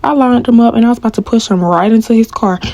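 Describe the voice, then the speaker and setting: A young woman telling a story to viewers while she cooks, animated and full of slang. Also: on the high side, fast, no room sound, lo-fi sound. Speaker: cooking vlogger.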